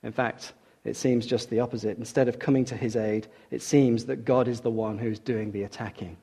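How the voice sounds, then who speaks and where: A man gives a morning sermon from the pulpit, his voice at an ordinary middle pitch. He speaks earnestly and with emphasis, doubling back on key words to drive them home. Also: fairly even intonation, a little fast, vocal fry, warm tone, breathy edge. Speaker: preacher.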